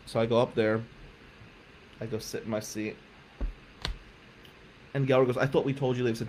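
A man telling a personal story in an emphatic, profane way, loudly acting out the people he quotes. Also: mid-range voice, steady tone, a little fast, long pauses, heavy background noise.

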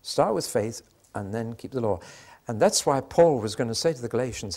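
A man's voice: mid-range voice, lively intonation, moderate pace, a little mellow. An older British man preaching a sermon, telling stories and acting out the voices in the exchanges he recounts. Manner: storytelling, acts out quoted exchanges.

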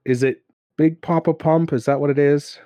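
A man co-hosting a casual chat about tabletop games, an animated storyteller who laughs often and acts out characters. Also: fairly high pitch, normal speed, no room sound, clean studio sound. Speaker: podcast co-host and game master.

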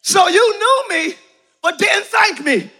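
A man preaching a live sermon in a church, shouting his points and calling on the congregation to answer. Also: very high voice, lively intonation, slow pace. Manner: preaching with shouted emphasis and call-and-response to the congregation. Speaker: pastor. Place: church sanctuary.

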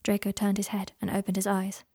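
A woman reading a story aloud in a soft-spoken way that often drops into whispers. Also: medium pitch, monotone, brisk, slightly rough, no echo, studio quality. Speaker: reader. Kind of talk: reading fan fiction aloud.

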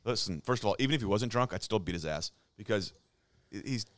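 A man's voice: fairly low pitch, animated, fairly quick, dry recording. A middle-aged man co-hosting a podcast, talking bluntly and with plenty of swearing. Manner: blunt, profane, heated. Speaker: podcast co-host. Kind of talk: casual chat.

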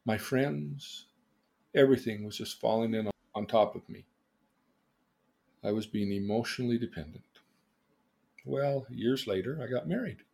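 This man, a therapist and teacher, speaks at a normal speed in a mid-range, creaky voice that is a little mellow and husky, and he pauses often. He teaches emotional independence through theatrical stories, exclaiming before turning to question his listener in an animated lesson.

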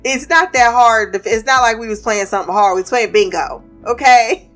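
With faint music behind her, a woman whose voice sits on the high side talks at a normal speed, venting about her remote team. She swears, laughs and tells the story in a lively, casual way.

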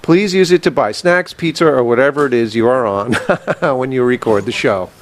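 A man's voice: medium pitch, moderate pace, slight background noise. Jokey male co-host reading a letter. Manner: jokey, stumbles over words. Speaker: podcast co-host. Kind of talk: reading a listener letter aloud.

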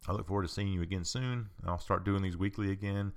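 A man's voice: deep voice, fast talker. A man hosting a podcast, giving a conversational teaching talk and repeating his points for emphasis. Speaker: podcast host.

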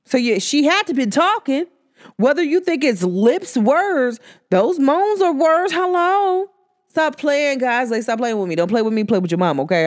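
A young woman talks through her solo podcast with sass and a lot of bounce. Her voice sits a little high, and it keeps jumping between bright highs and low, drawn-out lows. She laughs easily between points. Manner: animated, sassy, swings between high and low tones; laughs often while talking. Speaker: podcast host. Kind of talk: casual solo podcast monologue.

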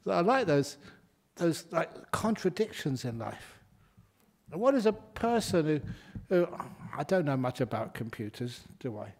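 A male Buddhist monk giving a dharma talk, his voice sitting a little higher than most men's. He talks in a chatty, humorous way and often laughs at his own stories. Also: big pitch swings, a little slow, a little mellow.

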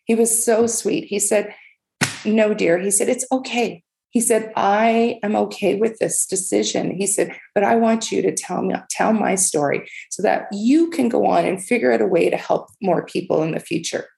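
A woman's voice: medium pitch, steady tone, moderate pace, gravelly, hardly any pauses, mellow. A middle-aged woman, a charity leader, telling a moving story in a podcast interview, earnest and emotional, with fillers and restarts. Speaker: charity CEO, interview guest. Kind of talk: conversational storytelling.

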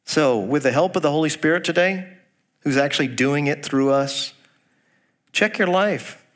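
A man's voice: on the high side, normal speed, a bit bright. A male pastor preaching a sermon, asking the congregation direct questions, reading scripture aloud and making folksy jokes. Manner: folksy, jokes about a Texas accent.

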